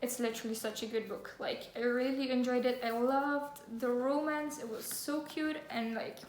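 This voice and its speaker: A woman's voice: on the high side, fairly even intonation, normal speed, a little hiss or hum. Gushing young woman, echoey room. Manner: gushing, giggly, full of fillers. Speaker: book vlogger. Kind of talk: casual book haul chat with read-aloud synopses. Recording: echoey room, faint ambience.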